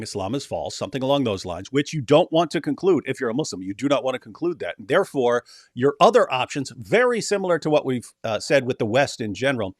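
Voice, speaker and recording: Mocking, dry-sounding man on a livestream. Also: no echo. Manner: animated, mocking, with shrill put-on whining voices. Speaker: livestream co-host. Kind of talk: casual livestream commentary.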